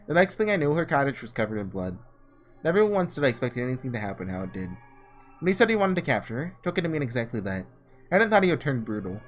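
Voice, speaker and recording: A man reading aloud the halting first-person narration of a guilt-ridden young man in a visual novel. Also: medium pitch, lightly acted.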